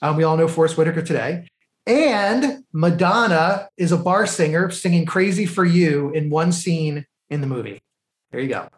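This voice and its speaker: A man's voice: a little high, normal speed, roomy sound. A man, a podcast co-host, eagerly retelling a film plot and drawing life lessons from it in casual conversation.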